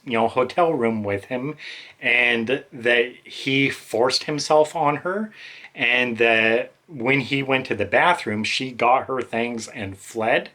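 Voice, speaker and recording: A man's voice: medium pitch, sharp tone. A man hosting a book channel, talking in a rambling, emotional way with many fillers. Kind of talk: casual monologue.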